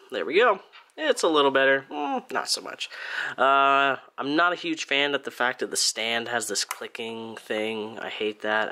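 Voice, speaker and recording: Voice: mid-range voice, sharp tone. A speaker from Germany giving a casual hands-on review of a toy figure, chatty and playful, with little sound effects along the way.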